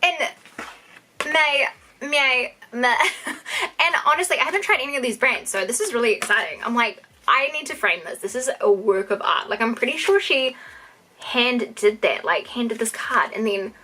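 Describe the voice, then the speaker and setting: A young New Zealand woman with a bright, forceful voice unboxing fan mail on her vlog. She gushes and gasps, her pitch sitting a little high as she talks to her viewers. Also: normal speed, a little hiss or hum. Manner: gushing, excitable, gasping and squealing. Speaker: YouTuber.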